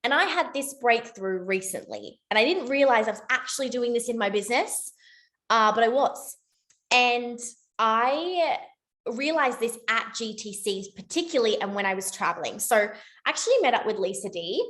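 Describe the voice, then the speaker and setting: A young woman with a slightly high voice talks casually to her team, rambling and chatty. She keeps correcting herself mid-sentence and fills gaps with "like" and "um". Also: lively intonation, moderate pace, fairly bright tone. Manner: chatty, rambling, with many likes and self-corrections. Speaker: network marketing team leader. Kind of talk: casual motivational talk.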